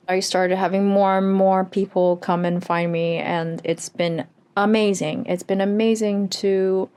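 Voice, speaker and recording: A woman's voice: mid-range voice, level tone, measured pace, darkish tone, smooth. A woman who works as an energy healer, telling her personal story in an earnest, reflective way. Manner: earnest, reflective, with laughs and sighs.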